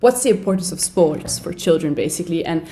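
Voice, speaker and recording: A woman's voice: lowish voice, animated, brisk, mellow. A woman hosting a casual podcast interview, laughing often and asking long, rambling questions full of fillers.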